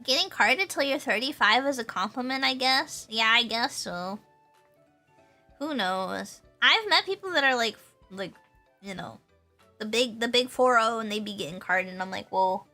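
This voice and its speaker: Young woman streamer, high and very lively voice, chatty and rambling, faint music underneath. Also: normal speed. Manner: bubbly, rambling, laughs often, repeats herself. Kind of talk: casual chat with stream chat.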